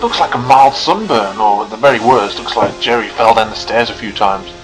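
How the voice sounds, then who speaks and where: A man narrating a scripted film review in a sarcastic, animated, mocking way. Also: on the low side, a little fast, music in the background, low-quality recording.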